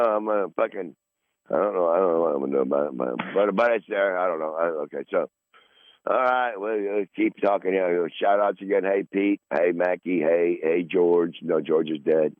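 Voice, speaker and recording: A man's voice: sits low, no echo. A man in his sixties hosting a podcast, talking in a casual, rambling monologue full of profanity and repeated words. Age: 60s. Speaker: podcast host. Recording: dull lo-fi dry recording.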